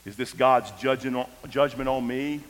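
Animated male preacher in echoey hall. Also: medium pitch, moderate pace. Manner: animated, storytelling, swings from shouts to hush. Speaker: pastor. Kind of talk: sermon. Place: large church hall.

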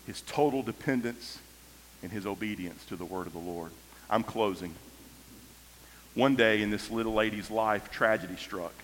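A man preaching an animated storytelling sermon, swinging between loud exclamations and quiet asides, in a large church hall. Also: lowish voice, slight background noise. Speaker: pastor. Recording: echoey hall.

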